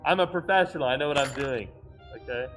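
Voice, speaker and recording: A man chatting casually while playing a game with a friend, making teasing deadpan jokes. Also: medium pitch, fast talker, soft background music. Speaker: co-player, veteran gamer. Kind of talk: casual gaming chat.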